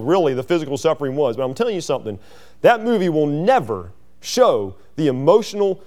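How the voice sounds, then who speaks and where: Fervent preacher with a soaring voice. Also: male voice, a little mellow. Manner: rises to high, fervent pitch when voicing scripture and Christ. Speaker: pastor. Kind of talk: sermon.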